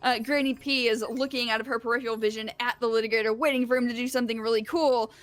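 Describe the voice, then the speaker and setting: A woman narrating as game master of a tabletop role-playing game, lively and laughing often. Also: fairly high pitch, fast talker.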